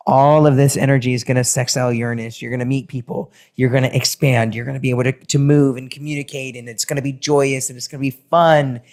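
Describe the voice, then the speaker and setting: A man giving a casual astrology and tarot reading, animated and sing-songy, swearing now and then. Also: mid-range voice, quick pace, few pauses. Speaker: tarot reader.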